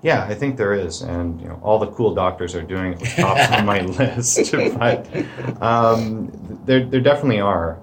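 A man's voice: on the low side, normal speed, few pauses, background noise. A man with a Canadian accent, a lawyer explaining legal terms in a plain-spoken, self-deprecating way. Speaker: corporate lawyer. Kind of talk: explanatory podcast conversation.

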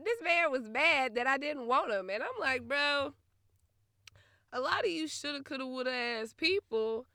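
A woman's voice: sits high, moderate pace, sharp tone, no room sound. A young woman ranting casually about an old flame, blunt and profane, often laughing, recorded close and dry. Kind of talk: casual storytelling rant.

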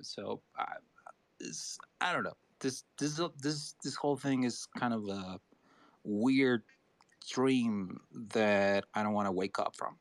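A man from Mexico, a designer and artist guest, talking casually in a halting way with many restarts. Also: on the low side, dry recording. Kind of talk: casual interview talk.

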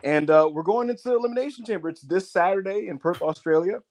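A man's voice: sits high, quick pace, darkish tone. Rambling man co-hosting a wrestling chat. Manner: rambling, mocking impressions. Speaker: podcast co-host. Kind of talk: casual wrestling review chat.

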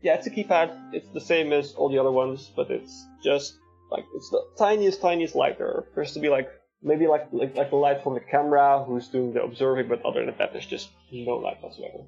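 A man narrating as the game master of a tabletop game, describing scenes in a halting way with many fillers. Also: medium pitch, gravelly, darkish tone. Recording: dull lo-fi sound with faint music.

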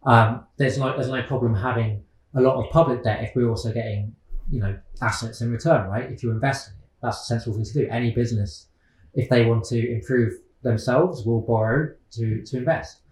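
A man speaks in a loose interview, circling his points with plenty of ums, you-knows and restarts. His voice has a middling pitch and rings a little in a roomy, echoey space. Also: steady tone, fairly quick, slight background noise. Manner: hesitant, many fillers and restarts. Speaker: guest economist. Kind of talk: casual interview.

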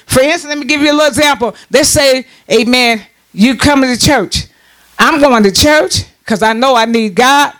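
A man preaching a sermon, calling out to the congregation for responses and rising into shouts. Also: very high voice.

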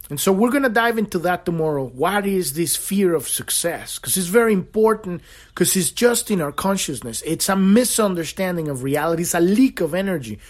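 A man hosting a solo spiritual podcast, talking in an impassioned and repetitive way and swearing freely. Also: sits high. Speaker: podcast host.

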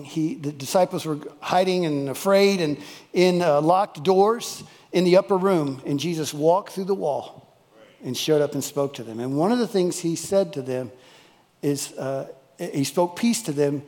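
Male preacher, high voice, folksy and emphatic, long church reverb. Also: unhurried, a little mellow. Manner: folksy, emphatic, repeats key phrases. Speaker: pastor. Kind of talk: sermon. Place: church worship service.

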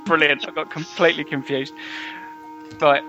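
Casting: high, lively male player, giggly and flustered, clear music behind. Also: normal speed, highs cut off.

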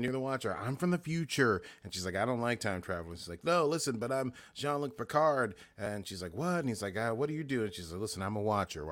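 A man's voice: mid-range voice, fairly bright tone, no echo. An American man co-hosting a podcast, recapping episodes in casual chat with frequent fillers and restarts. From United States. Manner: rambling, lots of filler and restarts. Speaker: podcast co-host.

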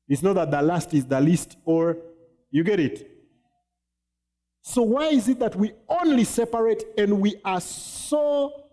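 A man pastor preaching a sermon on healing, with wide swings in pitch and asking the congregation if they follow him. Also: mellow.

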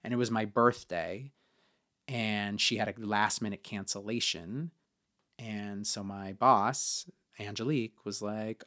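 A man's voice: fairly even intonation, takes it slowly, sharp tone. A man co-hosting a podcast, telling a personal story in a chatty way with many fillers. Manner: chatty, many fillers, acts out quotes in higher voices. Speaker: podcast co-host.

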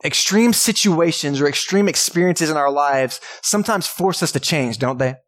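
A man's voice: fairly high pitch, lively intonation, moderate pace, fairly bright tone. A man as pastor giving a sermon in a church, talking in a casual, conversational way and asking the congregation questions.

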